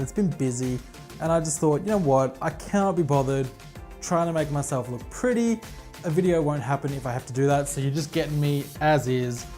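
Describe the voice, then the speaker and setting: A very deep, mellow female voice belongs to an Australian woman hosting a knitting podcast. She sits on her couch at home, chatting to camera in a rambling, self-deprecating way.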